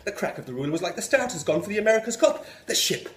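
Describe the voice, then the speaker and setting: A man from England rehearsing a stand-up routine, telling a profane story with animated delivery. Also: high voice, racing. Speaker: stand-up comedian. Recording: echoey room, faint hum.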